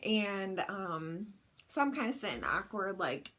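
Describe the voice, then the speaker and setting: A woman's voice: mid-range voice, very animated, a little slow, fairly bright tone. A young woman casually telling a personal story in a candid, chatty, self-deprecating way. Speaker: vlogger.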